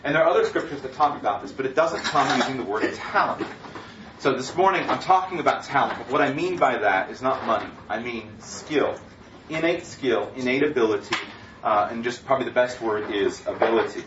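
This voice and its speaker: A man's voice: medium pitch, fairly quick. Guy preaching a sermon, earnest, far off the mic, echoey dull room, noisy. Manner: earnest, reads scripture aloud with rising emphasis.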